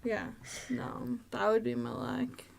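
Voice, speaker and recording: Animated, swearing woman podcast co-host. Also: on the high side, slow pace, vocal fry. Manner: animated, swearing, loud acted-out quotes. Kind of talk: casual chat.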